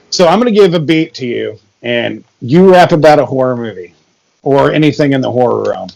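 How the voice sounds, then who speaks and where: Gravelly-voiced man on a comedy podcast. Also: mid-range voice, slight background noise. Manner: laughs often, rambling, crude jokes. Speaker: podcast co-host. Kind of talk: casual comedic podcast chat.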